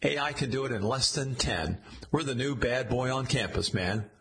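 A man's voice: mid-range voice, moderate pace, a bit bright, natural voice. A man reading a satirical story, voicing a smug, scheming male AI chatbot that talks in a sly, slangy, coaxing way. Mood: gloating.

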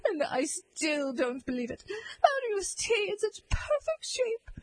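A woman's voice: big pitch swings, a little slow, full character voice, poor audio. A woman voicing a vain, self-pitying queen in a storybook reading, in a whiny, strained voice. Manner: whiny, sobbing, high and strained. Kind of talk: storybook character voice.

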